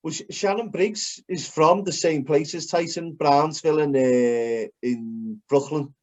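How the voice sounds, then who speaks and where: A man's voice: fairly high pitch, a little slow, a little mellow, lo-fi sound. A man chatting as a podcast co-host, rambling loosely and calling people "mate" and "lad". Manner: rambling, laddish, says "mate" and "lad" a lot. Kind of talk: casual sports podcast chat.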